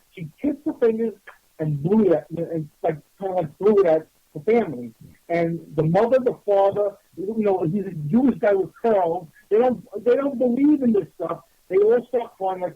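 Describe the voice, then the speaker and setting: A man telling a personal story on a radio talk show, animated and rambling, with frequent restarts. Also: high voice, normal speed, breathy edge, no echo. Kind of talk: casual storytelling. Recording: dull lo-fi radio audio.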